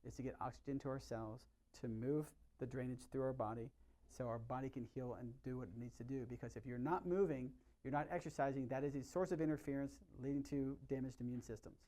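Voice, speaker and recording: A middle-aged man, a chiropractor, giving an energetic, conversational health talk to his patients and often asking them questions. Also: mid-range voice, fast. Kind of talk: live workshop talk to patients.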